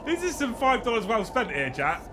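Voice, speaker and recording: A man's voice: very high voice, huge pitch swings, a little fast, loud music behind the voice. A young man hosting a live stream, thanking viewers, joking, swearing and laughing often. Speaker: livestream host. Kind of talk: casual live-stream chat.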